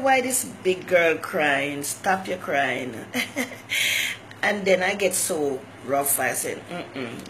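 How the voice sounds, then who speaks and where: A woman's voice: sits low, background noise. A woman hosting her own talk show, giving folksy motherly advice and greeting viewers by name. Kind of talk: casual live-stream monologue.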